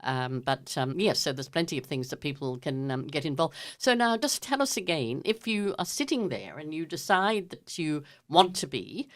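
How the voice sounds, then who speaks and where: A woman's voice: sits low, animated, normal speed, hardly any pauses. A woman hosting a radio interview, polite, with many short affirmations. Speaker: radio host.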